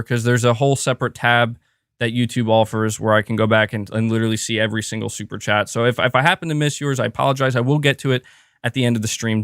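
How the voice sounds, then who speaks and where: A man hosting a live reaction stream. He reads out viewer messages and talks in quick restarts. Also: medium pitch, fairly bright tone, smooth, no echo, clean studio sound. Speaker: livestream host.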